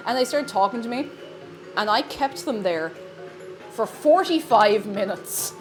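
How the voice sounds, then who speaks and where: Chatty Irish woman with a lively voice. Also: mid-range voice, a little fast, music in the background. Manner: chatty, rambling storyteller who laughs often. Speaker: baking livestream host. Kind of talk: casual chat while baking. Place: home kitchen.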